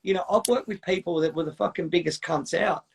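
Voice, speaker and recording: A middle-aged podcast host with a high-sitting voice talks fairly quickly, with vocal fry and a breathy edge. He rambles casually through stories, swearing freely and acting out quoted voices.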